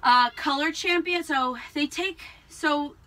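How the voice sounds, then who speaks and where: A woman co-hosting a casual farm podcast, chatty and quick to laugh while telling stories. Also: sits high, sharp tone, poor audio. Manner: chatty, laughs often, storytelling. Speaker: podcast co-host, alpaca farmer. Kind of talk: casual chat.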